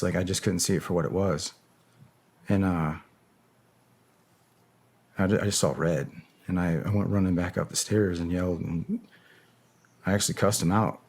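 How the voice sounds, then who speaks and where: Low-voiced man telling war stories. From United States. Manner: profane, heavy filler words, acts out yelled quotes. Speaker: podcast guest, former special operator. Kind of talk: casual storytelling interview.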